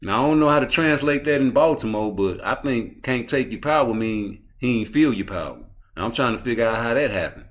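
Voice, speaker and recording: Profane animated man ranting about boxing. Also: medium pitch, brisk, hardly any pauses. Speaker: boxing commentary vlogger. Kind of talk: casual ranting commentary.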